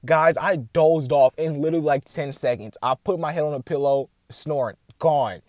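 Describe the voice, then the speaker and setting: A young man talks casually to his viewers, rambling and filling his sentences with constant filler words. His voice sits a little high for a man, and the sound is dry and close with no room echo. He turns excited and animated as he retells the dream. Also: moderate pace. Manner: rambling, heavy "like" filler, addresses "guys". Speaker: vlogger sharing a dream. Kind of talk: casual chat to camera.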